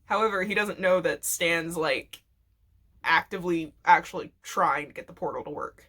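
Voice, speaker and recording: A woman's voice: on the low side, moderate pace, a bit bright. A woman vlogger casually telling a rambling, profanity-laced story, laughing often as she goes.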